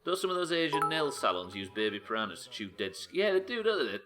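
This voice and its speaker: A man's voice: fairly high pitch, sing-song, quick pace, pushed and bright. A man chatting casually while playing a game on a live stream, swearing and joking as he plans each move. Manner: sweary, joking, thinking aloud. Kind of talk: casual gameplay commentary.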